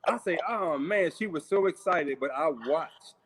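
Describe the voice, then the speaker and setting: A man's voice: fairly high pitch, expressive, a little slow, fairly bright tone, slight background noise. A middle-aged man from St. Louis telling a personal story over a video call, speaking casually and repeating words as he goes. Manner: conversational, repeats words, acts out voices in quotes. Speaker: guest. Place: home, remote video call.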